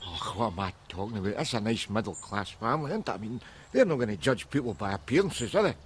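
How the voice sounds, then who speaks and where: This sitcom performance, a TV clip with music laid over it, features a man voicing a crude, scruffy middle-aged man from Glasgow who mocks others sarcastically. He talks fast and expressively in a lowish voice, only lightly acted, against a noisy background.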